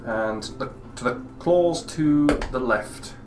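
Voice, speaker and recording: A man's voice: medium pitch, takes it slowly. A man playing in a tabletop game, chatting casually and declaring his attacks and rolls. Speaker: player. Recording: noisy mic line.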